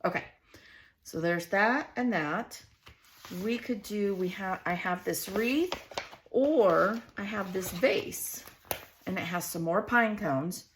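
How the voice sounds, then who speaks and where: A Southern US woman hosting a casual scrapbooking vlog speaks in a mid-range, animated voice at a slow pace, over slight background noise. Arranging stickers, she thinks out loud in a chatty, self-questioning manner.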